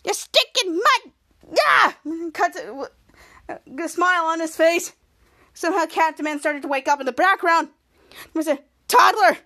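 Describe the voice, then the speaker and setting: A woman's voice: very high voice, normal speed, a bit bright. A woman hosting a podcast, casually recapping a TV episode scene by scene, rambling with frequent restarts. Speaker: podcast host.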